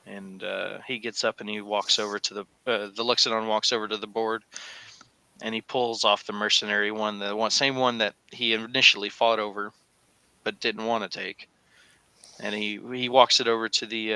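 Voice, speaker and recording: A man narrating a tabletop game as game master, with a bright, forceful voice set on the low side. He tells the scene in an animated way with frequent fillers. The sound is dry and close. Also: no room sound.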